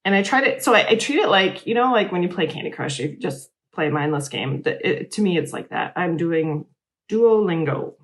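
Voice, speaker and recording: A middle-aged woman hosting a casual crafting show, chatting in a rambling, animated way. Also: on the low side, normal speed. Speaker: host. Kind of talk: casual chat.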